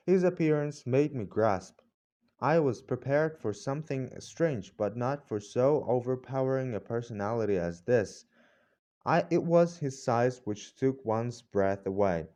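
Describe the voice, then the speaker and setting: A man narrating a classic novel as an audiobook in measured storytelling. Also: mid-range voice, mellow. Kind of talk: scripted narration.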